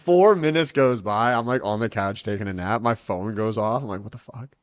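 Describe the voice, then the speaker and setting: Male podcast host, low voice, animated profane storyteller, dry close mic. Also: fairly quick, no echo. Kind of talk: casual storytelling.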